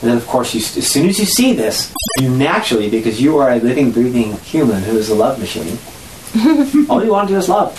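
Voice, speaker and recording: A spiritual study group teacher giving a lesson to a group, animated, laughing often and acting out voices. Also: mid-range voice, brisk, echoey room, a little hiss or hum, low-quality recording.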